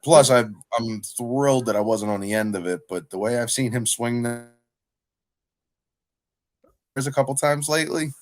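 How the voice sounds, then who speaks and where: A man's voice: medium pitch, normal speed, pauses often. A man who wrestles for a living, chatting casually as a guest, talking with a slight lisp and rambling full of "like". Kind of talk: casual chat.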